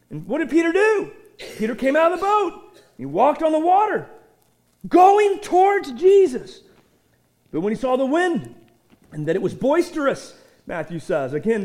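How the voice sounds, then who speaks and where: A man with a strikingly high voice delivers a lively sermon. He often stumbles over repeated words, then drives points home with sudden loud emphasis. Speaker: pastor.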